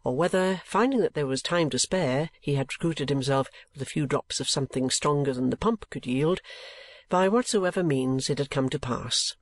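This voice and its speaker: A man reading a classic novel aloud as an audiobook, in measured, even scripted narration. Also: fairly high pitch, no room sound. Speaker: audiobook reader.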